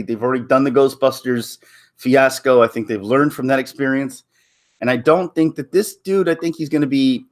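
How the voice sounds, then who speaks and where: A man from Canada talks casually to his viewers in a middle-pitched voice. He rambles and chuckles, often restarting his thoughts mid-sentence. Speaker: vlogger. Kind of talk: casual solo commentary.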